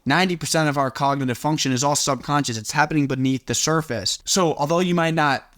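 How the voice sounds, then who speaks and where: A man's voice: fairly high pitch, quick pace, a bit bright, dry recording, studio quality. A young man coaching viewers on self-love in an earnest, motivational teaching style, often dropping in a casual "like". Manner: earnest and coaching, loose with filler "like". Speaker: confidence coach.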